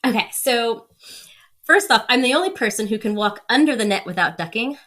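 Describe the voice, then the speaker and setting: Energetic woman, laughs a lot. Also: on the high side, brisk. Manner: energetic, laughs often, acts out quoted voices. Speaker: podcast guest. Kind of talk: casual storytelling.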